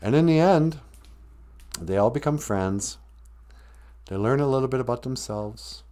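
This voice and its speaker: A man's voice: mid-range voice, lively intonation, measured pace, warm tone. A man hosting a live stream, retelling a film in a rambling, chatty way. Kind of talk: casual storytelling.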